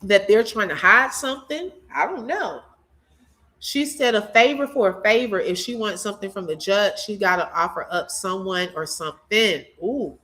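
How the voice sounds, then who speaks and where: A woman hosting a casual live commentary, reading viewer comments aloud, chatty and animated, laughing often and talking straight to her viewers. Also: medium pitch, measured pace. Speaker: channel host reacting to a court case.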